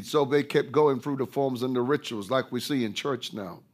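A man preaching a sermon, slow and deliberate, who rises loud on scripture quotes and sinks low when he reflects.

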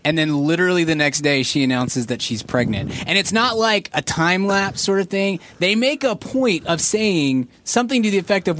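A man from Texas co-hosting a casual podcast, sarcastically complaining about TV shows in an animated way. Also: sits high, moderate pace, few pauses. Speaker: podcast co-host. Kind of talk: casual chat reviewing TV pilots.

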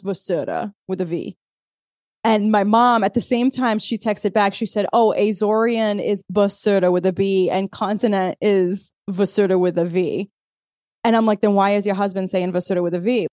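A woman from the Azores co-hosting a casual podcast, spinning a story with quick asides and acted-out quotes. Her voice sounds mellow and dark, recorded close and dry. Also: medium pitch, no echo. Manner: animated storyteller, laughs often, acts out quoted texts. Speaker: podcast co-host. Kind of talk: casual chat.

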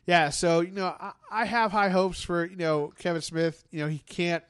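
Opinionated man with a smooth voice. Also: high-pitched, steady tone, normal speed, a bit bright, no room sound, clean studio sound. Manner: rambling, opinionated, many restarts and fillers. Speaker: podcast co-host. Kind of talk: casual chat.

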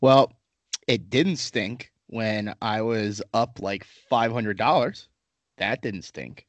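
A man's voice: lowish voice, slow pace, dry recording. A man co-hosting a podcast, telling loose, profane stories in casual chat. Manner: crude, swearing, laid-back storyteller. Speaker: podcast co-host.

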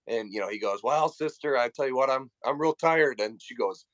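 A man's voice: medium pitch, brisk, no echo. A young adult man, a podcast guest, telling stories in a casual, easygoing way. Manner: lively, easy storyteller with fillers. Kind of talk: casual chat.

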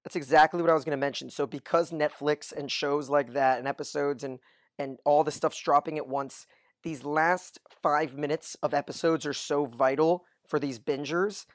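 Guy breaking down a tv episode on a podcast, kinda high voice, dead dry audio. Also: steady tone, moderate pace, no echo. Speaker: podcast co-host. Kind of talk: casual TV recap chat.

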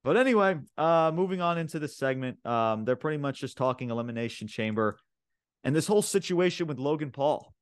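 A man's voice: a little high, lively intonation, a little fast, clear, resonant tone, no echo. Profane laughing podcast guy, dry sound. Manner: profane, laughing, heavy fillers. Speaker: podcast co-host. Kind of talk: casual wrestling podcast chat.

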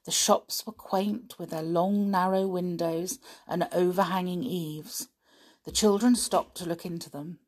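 A woman narrating a children's storybook in an expressive, lively way. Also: lowish voice, a little slow. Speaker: audiobook narrator.

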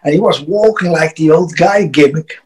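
High-voiced Dutch man telling a rowdy story. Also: normal speed, darkish tone, slightly rough, low-quality recording. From Netherlands. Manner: laughing often, restarting words, loose and profane. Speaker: podcast guest, wrestler. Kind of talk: casual storytelling.

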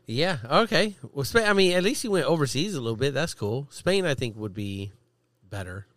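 A man hosting a relaxed dinner-table podcast, his voice swinging up and down as he teases his friends. His speech is rough and jokey, full of casual swearing. The sound is dry and close to the mic. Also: medium pitch, a little fast, dry recording. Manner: joking, teasing, swears freely. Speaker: podcast host.

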